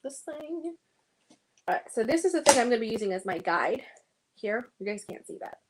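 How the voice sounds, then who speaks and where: A woman's voice: fairly high pitch, very animated, moderate pace, very noisy. A woman hosting a casual sewing livestream, thinking aloud and chatting to her viewers as she works.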